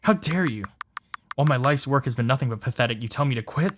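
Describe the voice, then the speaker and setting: Bitter ambitious male painter read by a man, resentful, declaiming, mid-pitched. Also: lively intonation, fast, slight background noise, natural voice. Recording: music playing behind.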